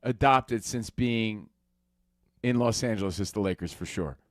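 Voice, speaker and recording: A man co-hosting a sports talk radio show, cracking jokes and jumping in with quick remarks. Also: lowish voice, no room sound, clean studio sound. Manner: joking, quick interjections. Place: radio studio.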